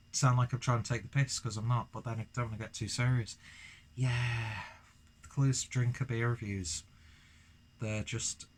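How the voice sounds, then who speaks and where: A man's voice: lowish voice, a bit bright, slight background noise. A young man chatting through a beer review, rambling and self-deprecating, with lots of fillers. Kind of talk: casual beer review vlog.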